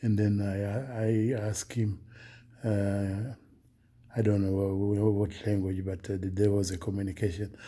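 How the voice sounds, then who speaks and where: A man from Oman, recounting a dream in a hesitant, earnest way, with many pauses and restarts. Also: fairly low pitch, level tone, warm tone. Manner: earnest, solemn. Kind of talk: unscripted personal account.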